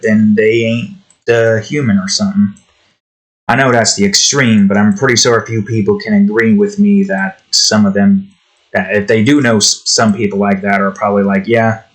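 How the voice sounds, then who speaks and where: A man's voice: lowish voice, rough recording. Tired young man rambling while drawing. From New Jersey. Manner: meandering, frustrated rant with frequent restarts. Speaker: art streamer.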